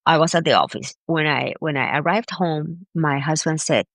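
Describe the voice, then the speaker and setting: Woman, podcast guest, animated storyteller, slightly gravelly, dry close mic. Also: low-pitched, normal speed, dry recording. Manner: animated, repeats words, emphatic. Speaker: guest, grief expert. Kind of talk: conversational storytelling.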